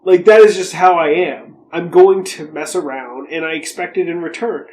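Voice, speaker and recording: A man's voice: on the high side, moderate pace, a little mellow, a little hiss or hum, poor audio. A young man co-hosting a podcast, telling a story in a rambling, profane, casual way. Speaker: podcast co-host. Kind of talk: casual chat.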